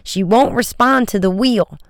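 An eager, quick teenage boy, as an audiobook reader puts him on, calling out over a roaring motor. The voice is crisp and very clear, recorded close and completely dry. The delivery is raised and excited. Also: medium pitch, no room sound, pitched above the performer's own voice, lightly acted. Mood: frustrated. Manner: shouting over an engine, excited. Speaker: younger brother at the wheel.

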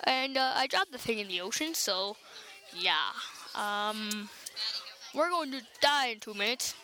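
A woman with a high voice rambles slowly through an improvised comedy story, full of fillers and false starts. The recording carries a steady background noise with occasional clicks. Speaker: host of a homemade improvised show. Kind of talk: improvised solo comedy play.

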